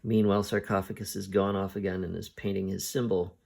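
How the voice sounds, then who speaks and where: Low gravelly-voiced man retelling a story. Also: level tone, a little mellow. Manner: unhurried, halting, thinking aloud. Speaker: podcast host reviewing comics. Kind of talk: casual spoken retelling of a story.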